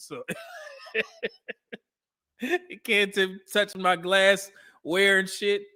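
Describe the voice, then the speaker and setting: A man hosts a casual live stream and reacts to old dating show clips. His voice sits high for a man and sounds bright and forward. He laughs often and talks straight back at the screen. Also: fairly even intonation, a little slow, pauses often.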